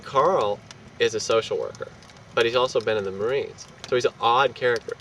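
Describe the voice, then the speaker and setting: A young man telling a rowdy anecdote in casual, profane, animated fashion, laughing between lines. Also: medium pitch, fairly quick. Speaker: storyteller. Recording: distant mic with street and traffic noise.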